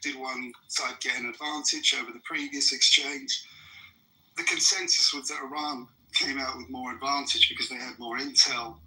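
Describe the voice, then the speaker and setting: A man's voice: mid-range voice, fairly even intonation, moderate pace, sharp tone, rough recording. A man, ranting in fury and swearing hard during a heated live debate. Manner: furious, profane ranting. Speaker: debate participant.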